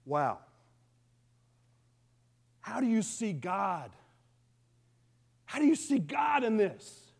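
A man's voice: high voice, very animated, very slow, vocal fry, pauses often, husky. A man preaching a sermon, telling the story earnestly and often restarting his sentences. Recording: long reverb of a large hall.

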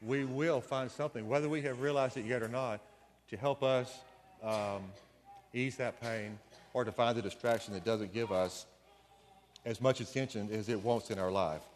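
A man's voice: mid-range voice, fairly even intonation, moderate pace, in a large hall, slight background noise. A man preaching a conversational sermon, with folksy storytelling asides. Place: church sanctuary.

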